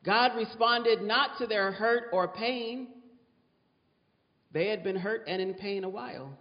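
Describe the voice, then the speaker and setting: Guy preaching in a big echoey church, dull muffled sound, goes real slow and dramatic. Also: sits high. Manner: dramatic preaching, repeats words for effect. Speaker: pastor. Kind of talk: sermon. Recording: dull sound with long hall reverb.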